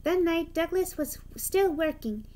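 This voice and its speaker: A woman reading a children's storybook aloud, deliberate with occasional restarts. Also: very high-pitched, expressive, warm tone.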